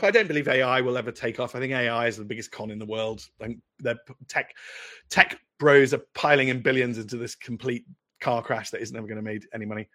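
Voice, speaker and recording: A man's voice: mid-range voice, fast, a bit bright. A man in his forties with a posh English accent, a lawyer answering viewer questions in casual, rambling livestream commentary full of restarts and asides. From United Kingdom.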